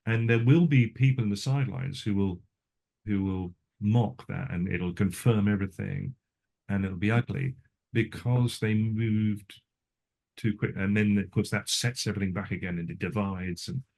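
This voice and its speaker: Creaky and a little mellow, this older cinematographer's lowish voice moves at a moderate pace. He tells stories in a casual interview, rambling, interrupting himself, and restarting again and again with frequent asides.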